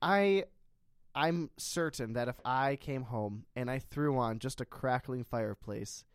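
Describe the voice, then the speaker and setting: Hesitant deadpan man in his twenties. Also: medium pitch, unhurried, smooth, no echo. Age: 20s. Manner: hesitant, deadpan, many fillers. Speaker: podcast co-host. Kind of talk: casual comedic chat.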